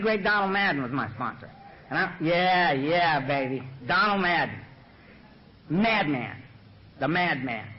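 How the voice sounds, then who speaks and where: This recovery-meeting speaker, positioned at the front of the room, uses a high voice to tell his personal story with humor. He's loose and animated, laughs at himself, and leans on "you know" and "man." The podium-mic recording is dull and lo-fi, with a faint hiss or hum.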